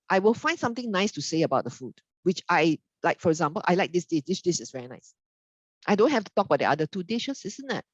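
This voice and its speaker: Lively woman giving a dharma talk. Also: on the low side, dry recording, highs cut off. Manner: animated, acts out little quoted exchanges, frequent tag questions. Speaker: Buddhist dharma speaker.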